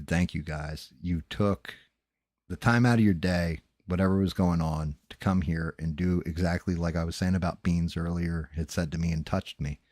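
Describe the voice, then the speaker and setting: Low-voiced man rambling on a late-night stream. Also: darkish tone, dry recording, clean studio sound. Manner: loose and rambling, swears often, thanks viewers by name. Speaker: livestream host. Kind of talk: late-night casual livestream chat.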